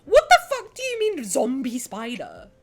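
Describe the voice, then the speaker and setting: A woman's voice: high voice, wildly swooping pitch, normal speed. A young woman streaming from home, bantering with her chat, swearing freely and breaking into laughter. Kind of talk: casual live-stream chat.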